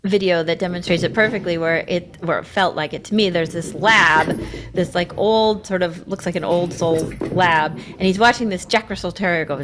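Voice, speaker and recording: A woman co-hosting a podcast chats in a reflective, self-searching way. Her voice sits a little low, and she now and then acts out her own inner voices with sudden loud bursts. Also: moderate pace. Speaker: podcast co-host. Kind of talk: reflective conversational chat.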